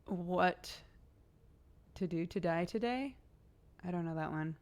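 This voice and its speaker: Female streamer, casual live chat, playful and giggly, slightly low register. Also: takes it slowly. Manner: playful, laughs often, reciting tongue twisters.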